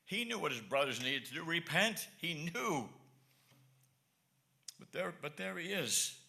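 A man's voice: on the high side, sing-song, a little slow, gravelly, bright, forceful tone. A male evangelist preaching a sermon to his congregation, emphatic and pleading, repeating his points. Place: church congregation.

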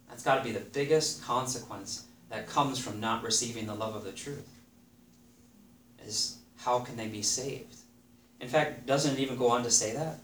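In an earnest sermon, a man of medium pitch and fairly bright tone reads from scripture and repeats phrases to drive his points home. His voice sounds somewhat distant from the mic, carried by room echo over faint background noise.

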